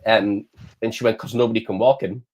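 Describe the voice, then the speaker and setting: A man's voice: on the low side, steady tone, brisk, a little mellow. A man, hosting and telling a long story in casual chat, repeating words and calling the listener mate. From England. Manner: rambling, repeats words, says "mate" often. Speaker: channel host.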